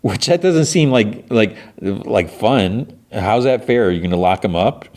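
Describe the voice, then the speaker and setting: A middle-aged podcast host with a lowish, darkish voice and lively intonation speaks at a measured pace. He casually recaps a show in a rambling way, full of fillers and restarts.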